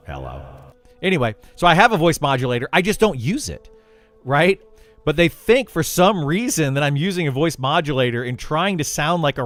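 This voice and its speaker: A man's voice: mid-range voice, no room sound. A man who makes gaming videos, chatting casually in an exasperated, ranting way. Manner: animated ranting, exasperated, laughs often. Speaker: gaming content creator. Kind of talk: casual livestream chat.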